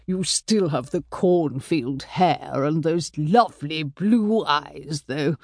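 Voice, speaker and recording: A woman voicing a courteous gentleman painter. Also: low-pitched, creaky, no room sound, studio quality, pitched below the performer's own voice, heavily acted. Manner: gentle, polite, measured. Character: courteous middle-aged gentleman painter, man. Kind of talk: audiobook character voice.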